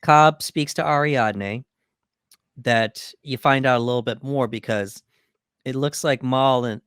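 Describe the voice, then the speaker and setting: A man's voice: mid-range voice, measured pace, a bit bright, clear, resonant tone, no echo, clean studio sound. A man co-hosting a podcast, casually recapping a film's plot from his notes with plenty of fillers. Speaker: podcast co-host. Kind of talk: casual film breakdown chat.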